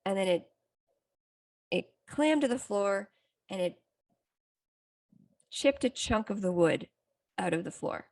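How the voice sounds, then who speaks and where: A middle-aged psychotherapist hosts a self-help podcast, candidly and reflectively telling a personal story, restarting as she goes. Her mid-range voice is animated yet slow, creaky, and darkish in tone, and she pauses often.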